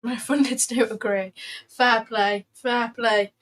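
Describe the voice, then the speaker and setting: A young woman with a British accent talks her way through a live trading session in a loose, chatty flow. Her voice sits a little high, and she often echoes her own phrases with a self-deprecating edge. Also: steady tone, slow pace, a bit bright. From Britain. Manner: chatty, self-deprecating, repeats phrases, breaks into playful singing. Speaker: livestreaming day trader. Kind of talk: casual live-stream chat.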